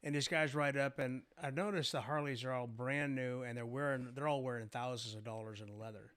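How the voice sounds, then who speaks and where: Older man, talk show guest, mid-pitched voice, rambling, reminiscing, lots of fillers. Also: steady tone, brisk, a bit bright, clear, resonant tone. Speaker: guest, former restaurant owner. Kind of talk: casual interview chat.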